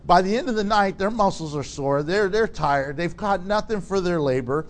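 A man preaching a sermon, animated and laughing often, acting out the people in his story. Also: high voice, moderate pace. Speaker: pastor.

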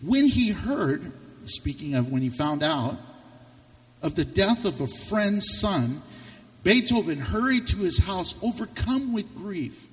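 A man preaching a sermon with passion, his voice swinging from loud to hushed. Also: high voice, sing-song, slow pace. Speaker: pastor. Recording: reverberant hall, distant mic.

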